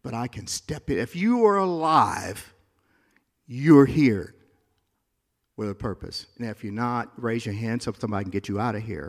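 A male pastor preaching a sermon in a church, moving between quiet, confiding asides and loud, rising climaxes. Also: medium pitch, expressive, moderate pace, in a large hall.

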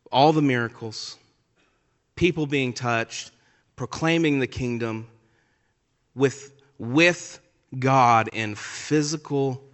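A man preaching a sermon as a pastor, swinging from loud, emphatic lines to quiet, near-whispered ones. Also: medium pitch. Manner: lively preaching with dramatic swings from loud to soft. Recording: long hall reverb.

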